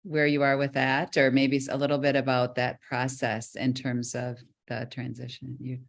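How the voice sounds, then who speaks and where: An interviewer who asks questions gently and offers frequent short affirmations. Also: medium pitch, flat delivery, normal speed, vocal fry. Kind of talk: conversational interview.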